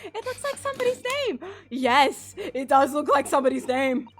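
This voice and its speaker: A woman's voice: high voice, very animated, normal speed, over music. A woman hosting a let's play, chatting casually and playfully with friends, often laughing and reading game lines aloud.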